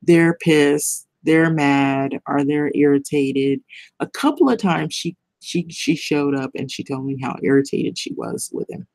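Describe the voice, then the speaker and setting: A woman's voice: sits low, a little slow, a little mellow, no echo. A middle-aged woman talking bluntly and rambling in a casual vlog monologue, swearing and laughing often. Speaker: vlogger.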